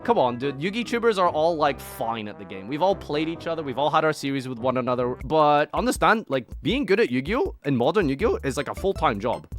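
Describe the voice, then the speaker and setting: Animated, sarcastic Scottish man. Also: on the high side, fairly quick, few pauses, soft background music. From Scotland. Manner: sarcastic, exasperated, swings into mock outrage. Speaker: streamer reacting to criticism. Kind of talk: casual reaction commentary.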